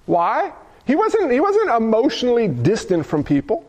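A man's voice: very high-pitched, huge pitch swings, normal speed. A man preaching a sermon to a congregation, fervent and emphatic, firing rhetorical questions at his listeners.

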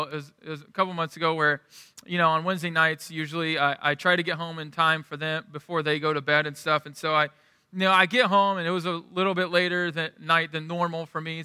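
A man's voice: a little high, level tone, fast talker, sharp tone, clear, resonant tone, no room sound, studio quality, long reverb tail. A male pastor preaching a sermon in a conversational, storytelling way, often restarting his sentences.

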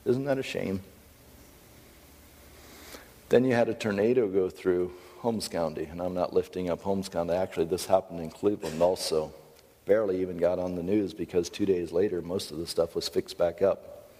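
A middle-aged man teaches a Christian seminar in a low, deep voice. He speaks emphatically and earnestly, breaking in with wry asides about himself. The big room gives every phrase a long, lingering echo. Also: steady tone, moderate pace, warm tone.

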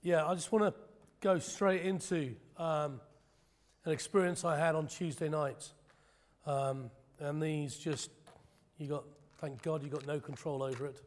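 High-voiced preacher in an echoing hall. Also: male voice, steady tone, measured pace. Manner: impassioned, rising to loud emphatic preaching; self-deprecating, joking asides. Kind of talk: sermon with prayer and personal testimony.

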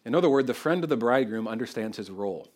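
A man preaching an expository sermon in an animated, conversational way, often checking in with the congregation. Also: medium pitch, very fast. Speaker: pastor.

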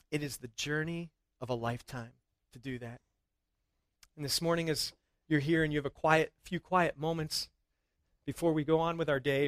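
A middle-aged man preaching a sermon in a church, earnest and rising to excited emphasis at times. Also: fairly high pitch, dry recording. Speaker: pastor.

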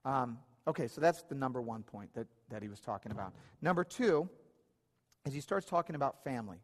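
A man's voice: medium pitch, lively intonation, brisk, big-room sound. A man preaching a sermon to his church in a conversational way, often restarting and repeating phrases. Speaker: pastor. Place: church hall.

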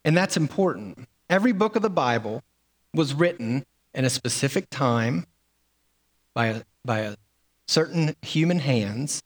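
Man preaching in an echoing hall. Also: mid-range voice. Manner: conversational, with fillers and repeated words. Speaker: pastor. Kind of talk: sermon.

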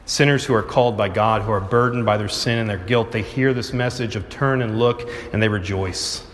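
A young man preaching a sermon, swinging from urgent, rising pleas down to low, soft appeals. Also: a little fast. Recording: echoey hall.

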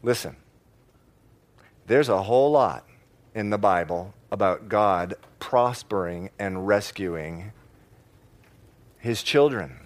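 A man preaching a sermon to a congregation in church, stressing key words by slowing down and repeating phrases. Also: on the low side. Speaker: pastor.

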